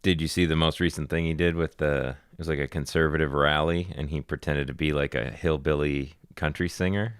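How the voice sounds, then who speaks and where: A man co-hosts a relaxed podcast with an extremely deep voice. His tone is smooth and clear, and he drops in short, easygoing questions and remarks. The sound is dry and close. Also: fairly quick, few pauses, no room sound. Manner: laid-back, brief interjections. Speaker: podcast co-host. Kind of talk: casual podcast chat.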